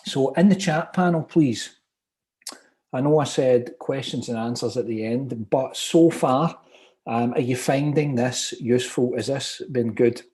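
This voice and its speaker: Leading a property training session online, this Glaswegian man speaks in a strong Scottish accent, keeping things chatty and upbeat as he reads viewer comments aloud. His mid-range voice is a little mellow, and his pace is measured.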